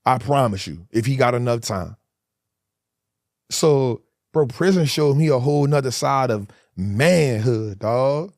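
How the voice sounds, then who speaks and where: A man's voice: mid-range voice, lively intonation, unhurried, a little mellow, no echo, clean studio sound. A man in his forties, a guest telling hard stories in a candid interview, emphatic and full of street slang.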